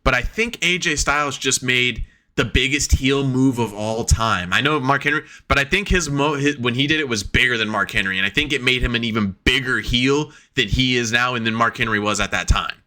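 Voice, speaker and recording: Bright-voiced excitable male podcast host. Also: medium pitch, fairly quick. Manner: excitable, swears freely, acts out reactions. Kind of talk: casual chat.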